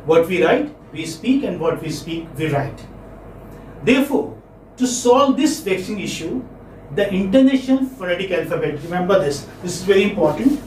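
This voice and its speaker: A man teaches a class, repeating his key points and checking in with "okay?". His voice sits high. He is heard from a distance, in a classroom full of echo. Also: sing-song, moderate pace, a little mellow, slight background noise. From India. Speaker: lecturer. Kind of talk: classroom lecture. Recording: echoey classroom from far off.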